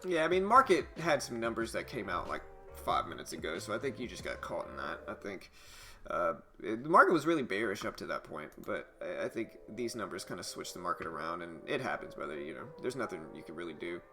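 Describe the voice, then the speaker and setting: Bright-voiced stream host, man in his thirties, casual and chatty, soft jazz playing underneath. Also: low voice, a little fast. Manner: loose and chatty, animated when telling stories. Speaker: host of live trading stream. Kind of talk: casual live stream chat and market news. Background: soft jazz music.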